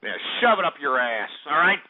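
A man's voice: fairly high pitch, big pitch swings, a little fast, heavy background noise. A man playing an angry, swearing host of a comedic call-in radio show who insults every caller. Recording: tinny phone-like audio.

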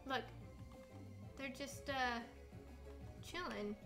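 A young woman co-hosting a casual livestream, excitable and chatty, reading viewer messages aloud. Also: high-pitched, drawn-out words, over music. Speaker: livestream co-host.

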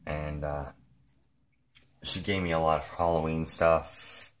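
Casual vlogger, male, deep and unhurried, rambling, excitable and emotional. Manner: rambling, heavy use of "like" and "frickin'"; excited and emotional, close to tears. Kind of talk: casual vlog talk.

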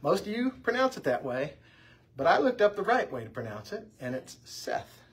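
Husky man, Bible class teacher, chatty anecdotal delivery. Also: high-pitched, moderate pace. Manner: conversational, anecdotal, lively delivery. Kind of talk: informal church class teaching. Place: church classroom.

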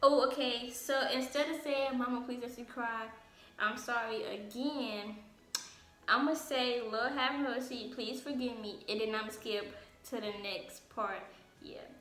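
A woman's voice: a little high, fairly even intonation, unhurried, fairly bright tone, reverberant. A young woman vlogging casually, chatty and giggly, talking to herself as she texts. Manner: chatty, giggly, talks to herself while texting. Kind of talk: casual chat.

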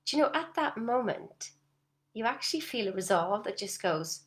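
A woman's voice: a little high, moderate pace. Emphatic woman life coach. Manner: animated, emphatic, addresses viewer directly with frequent "yeah?". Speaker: personal development coach. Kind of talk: motivational talk to camera.

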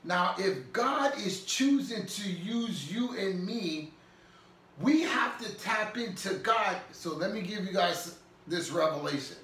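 A man's voice: high voice, animated, slow pace, a bit bright, reverberant, recorded from a distance. A man pastor preaching an earnest, emphatic sermon, repeating phrases for weight.

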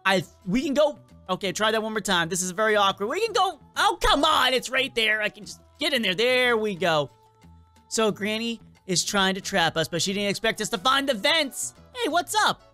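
A gaming channel host doing playful, animated let's-play commentary, joking with viewers and game characters. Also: mid-range voice, normal speed, soft background music.

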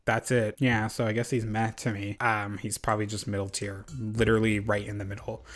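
A man's voice: lowish voice, flat delivery, brisk, a bit bright. Rambling casual male video host. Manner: rambling, lots of fillers, self-deprecating. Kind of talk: casual commentary ranking game characters.

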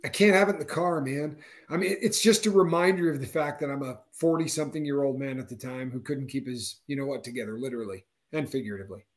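A man's voice: fast, few pauses. A man in his fifties, co-hosting a casual chat and acting out quotes with big jumps in his voice. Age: 50s. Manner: animated storyteller, acts out quotes with big pitch jumps. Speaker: co-host.

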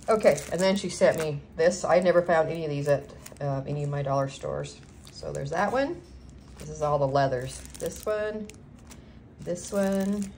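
A woman's voice: low voice, darkish tone. A woman chatting casually as she unboxes craft supplies at home, gushing and filling gaps with lots of ums. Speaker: craft vlogger. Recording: noisy home recording.

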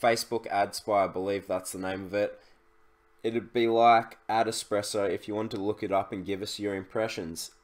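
A young man talking through an online tool in a relaxed screen-share tutorial. His voice sits a little low, and he rambles casually, often pausing on "um" and restarting his sentences. He sounds like he's speaking into a desktop mic at his computer. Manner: chatty, loose, with many fillers and restarts. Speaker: e-commerce YouTuber.

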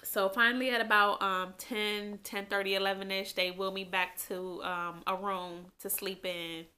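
Speaking in a level, sharp tone at medium pitch and normal speed, this young vlogger recounts her own experiences in a casual sit-down video. Her rambling is heavy with fillers, and at moments she becomes emotional, eyes welling up.

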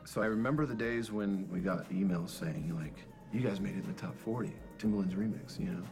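A man with a deep voice and a gravelly edge talks through his memories in an easy, reflective way. He speaks as a band member in a documentary interview, with faint music playing under him. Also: brisk. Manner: casual, reflective storytelling.

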